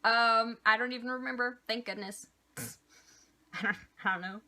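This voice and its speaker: A woman's voice: a little high, unhurried, sharp tone. A young woman vlogger answering viewer questions in a casual, rambling chat, with lots of "like" and "um" fillers. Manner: chatty, rambling, with many "like" and "um" fillers.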